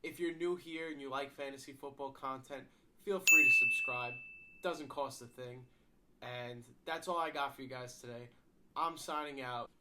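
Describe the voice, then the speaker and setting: A young man hosting a casual fantasy football commentary video, his voice nasal and congested from a cold, talking in a relaxed conversational way. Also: medium pitch, normal speed, very noisy. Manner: relaxed, conversational, owns up to mistakes.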